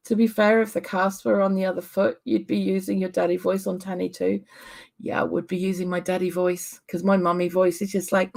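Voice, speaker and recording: A woman hosting a casual livestream, chatting with viewers and answering their comments in a relaxed, rambling way with frequent ums. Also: medium pitch, vocal fry. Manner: unhurried with frequent ums and small laughs. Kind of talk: casual live-stream chat.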